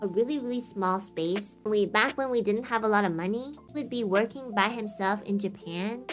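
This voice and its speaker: A woman's voice: medium pitch, moderate pace, over music. A woman in her twenties from Canada, chatting frankly and casually on a stream, full of fillers and swearing. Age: 20s. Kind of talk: casual chat.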